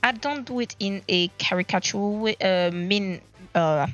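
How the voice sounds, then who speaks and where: A woman chats casually on a livestream, rambling as she searches for the right words to explain herself. Her voice sits at an ordinary middle pitch. The stream audio is dull and lo-fi, with soft music playing behind her. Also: moderate pace. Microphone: desk mic at a laptop.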